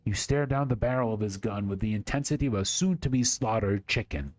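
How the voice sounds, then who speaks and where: A man's voice: on the low side, animated, a little fast, a little mellow, no echo. A man streaming, reading a text game aloud dramatically with casual asides.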